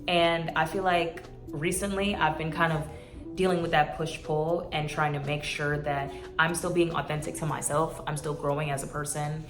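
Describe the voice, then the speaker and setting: A woman's voice: low-pitched, fairly even intonation, normal speed, echoey room, over music. A woman in her twenties talking earnestly to her viewers in a casual vlog, rambling and emotional. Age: 20s. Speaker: YouTuber. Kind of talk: heartfelt vlog talk.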